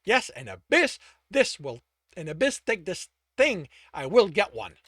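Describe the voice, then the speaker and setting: A man's voice: sits high, very animated, a little slow, fairly bright tone, dry recording, clean studio sound, voice pushed up, exaggerated voice. A man voicing a furious stubborn young mage. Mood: angry. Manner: snapping through clenched teeth.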